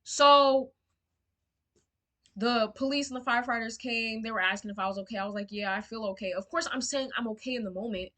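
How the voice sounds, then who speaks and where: A woman's voice: a little high, fairly quick, pushed and bright. A young woman telling a storytime to camera, emotional and indignant, swearing freely and using lots of fillers. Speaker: storyteller vlogger.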